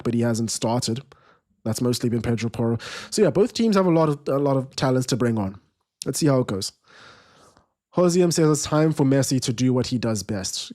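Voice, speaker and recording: Laid-back man hosting a football watchalong. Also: medium pitch. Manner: relaxed, rambling, restarts sentences. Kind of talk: casual live match commentary, reading chat.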